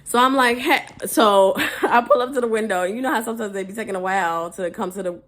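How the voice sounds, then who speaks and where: A woman telling a casual storytime to her viewers, in a lively, slangy way that speaks to the audience directly. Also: medium pitch, a little fast. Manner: animated, acts out the dialogue in her story. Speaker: storyteller vlogger.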